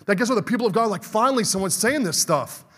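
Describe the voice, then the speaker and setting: A man's voice: high-pitched, lively intonation, fast talker, fairly bright tone, slightly rough, long reverb tail. A middle-aged male pastor preaching a fervent sermon, calling out to the congregation for amens.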